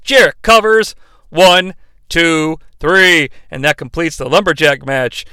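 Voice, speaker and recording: A man's voice: a little high, slow pace, bright, forceful tone, clear, resonant tone, dry recording. A man hosting a comedic wrestling recap podcast, sarcastic and profane. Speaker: podcast host.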